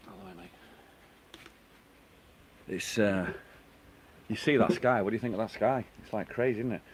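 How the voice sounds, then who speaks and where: A man's voice: on the low side, fairly quick, over a noisy crowd. A middle-aged man hosting a live stream outdoors on his terrace, chatting casually and reading out viewer comments, with the microphone set down on a table. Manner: chatty, reads out viewer comments and answers them.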